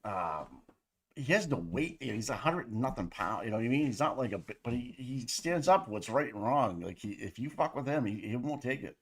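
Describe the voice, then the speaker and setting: A man hosting a livestream who talks in a loose, rambling way and swears freely. His pitch sits right in the middle for a man, and his delivery is casual chat with the audience. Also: lively intonation, brisk, breathy edge. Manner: profane, rambling, chatty. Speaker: livestream co-host.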